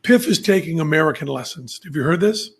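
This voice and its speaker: A man hosting a podcast, telling stories in a casual, animated way and laughing at his own anecdotes. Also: fairly high pitch, a little fast, vocal fry. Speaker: podcast host. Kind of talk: casual storytelling chat.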